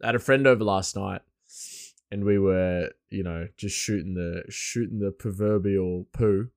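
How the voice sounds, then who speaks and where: A man hosting his podcast alone, rambling loosely and chuckling, his voice a bit hoarse. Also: sits low, moderate pace, no echo, clean studio sound. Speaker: podcast host. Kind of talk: casual podcast monologue.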